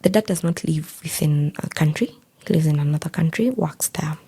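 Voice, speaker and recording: A young Kenyan woman, a podcast guest, telling a personal story and acting out the quoted lines of each person in a husky, breathy voice. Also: low voice, brisk, dark tone. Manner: recounts events by acting out quoted dialogue.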